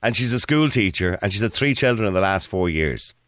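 A middle-aged man hosting a radio phone-in, blunt and opinionated, talking over his callers with quick asides. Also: fairly low pitch, lively intonation, fairly bright tone, no room sound, studio quality. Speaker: radio talk show host.

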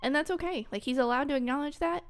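A woman's voice: high-pitched, fast. A woman co-hosting a casual podcast, recapping episodes in an enthusiastic, friendly and chatty way. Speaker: podcast co-host. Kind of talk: casual chat.

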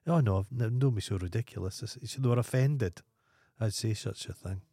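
A man's voice: lowish voice, fairly quick, dark tone, breathy edge, no echo, studio quality. A Scottish man co-hosting a podcast, telling rambling, profane anecdotes in casual chat. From Scotland. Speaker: podcast co-host.

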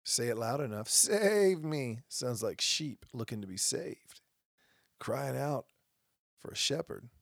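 A man's voice: medium pitch, measured pace, vocal fry, a bit bright, husky, no room sound, clean studio sound. A man hosting a podcast, giving an impassioned opinion monologue with mocking asides. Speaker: podcast host.

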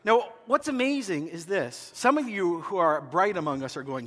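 A man preaching a sermon as a pastor, telling stories with animated, acted-out movie scenes. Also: a little high, normal speed, few pauses. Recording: long hall reverb.

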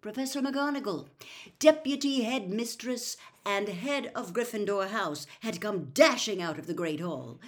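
A woman narrating a children's fantasy novel aloud, expressive and lively. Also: mid-range voice. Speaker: storyteller. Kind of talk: audiobook reading.

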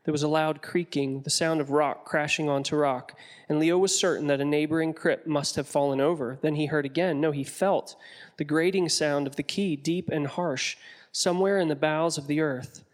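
A man reading a story aloud in a measured, descriptive way, as an audiobook narrator. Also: a little high, steady tone, big-room sound.

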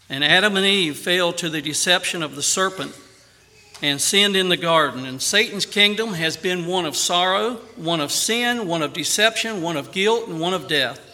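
A man preaching a sermon earnestly, with emphatic rises on key phrases and a quieter, softer voice in prayer. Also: sits high.

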